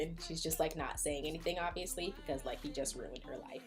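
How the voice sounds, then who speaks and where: A young woman chats through a film recap in a low voice. She rambles along and leans on filler words. The tone stays casual and offhand. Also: brisk, hardly any pauses, music in the background. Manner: rambling, filler-heavy with many likes. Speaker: vlogger. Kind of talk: casual movie recap chat.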